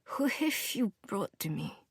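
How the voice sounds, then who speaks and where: A woman voicing a small, kindly old male bowmaker in his seventies with a thick German accent, read in an audiobook with a hushed, breathy delivery. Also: mid-range voice, very animated, measured pace, no room sound, studio quality, pitched above the performer's own voice. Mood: fond, hushed. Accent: German (put on). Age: 70s (figure). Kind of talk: audiobook character voice.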